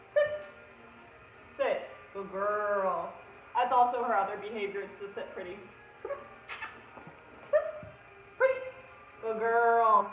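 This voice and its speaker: A high-pitched woman teaches dog obedience outdoors, mixing friendly explanation with short commands to her dog. She is picked up from a distance by the camera, so her voice sounds roomy and echoey. Clear background noise sits under her speech. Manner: gives quick commands to a dog between explanations, upbeat and chatty. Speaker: dog trainer. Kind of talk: outdoor dog training demonstration.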